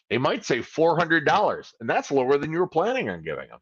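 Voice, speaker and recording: A man's voice: mid-range voice, very animated, fairly quick, few pauses, breathy edge, lo-fi sound. A man giving a live credit repair coaching talk, animatedly acting out phone calls.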